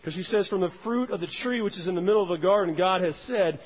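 A man delivering a sermon with a slightly high, breathy voice. He leans hard on key words, then lets his voice sink. The sound is dull and lo-fi, with a long reverb trailing off the hall walls. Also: quick pace, hardly any pauses. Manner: emphatic, rising and falling for emphasis. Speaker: pastor.

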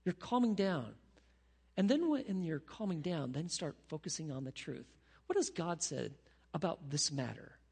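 A man preaching a sermon as pastor, animated, dropping to a hushed voice when he prays. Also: on the high side, normal speed, gravelly, slightly rough, big-room sound. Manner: animated, drops to a hushed voice for prayers.

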